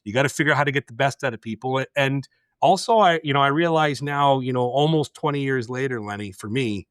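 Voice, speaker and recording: A man's voice: medium pitch, fairly quick, clear, resonant tone, dry recording, clean studio sound. A middle-aged man hosting a podcast, telling a story in a blunt, intense, direct way and acting out the dialogue. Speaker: podcast host. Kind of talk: casual storytelling chat.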